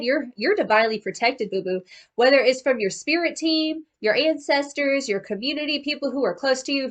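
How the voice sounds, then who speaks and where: A woman giving a casual tarot card reading in a slangy, profane, chatty way, calling the listener boo-boo. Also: high voice. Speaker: tarot reader.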